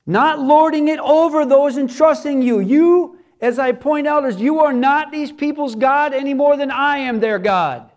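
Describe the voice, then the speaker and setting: A man's voice: extremely high pitch, moderate pace, hardly any pauses, darkish tone. A man who is a pastor, preaching a sermon earnestly and repeating words for emphasis.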